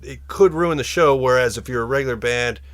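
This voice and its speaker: A man talking as a podcast guest, rambling through stories with many restarts and getting animated as he goes. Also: medium pitch, a little fast. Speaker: guest musician and instrument builder. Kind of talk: casual podcast conversation.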